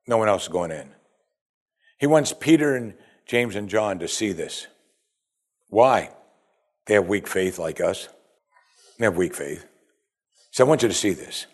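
A man's voice: on the low side, measured pace, long pauses. A man preaching a sermon as pastor, talking straight to his listeners with rhetorical questions. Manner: animated, rhetorical questions to the congregation.

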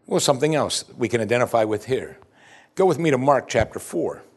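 Male pastor preaching with lively pitch. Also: a little fast, slightly rough. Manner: expository preaching with rhetorical questions. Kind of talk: sermon.

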